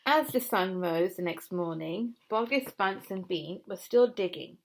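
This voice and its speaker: Gentle, gravelly-voiced woman storyteller. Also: mid-range voice, a little slow. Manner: gentle, expressive, chatting aside to a puppet. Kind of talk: children's story reading.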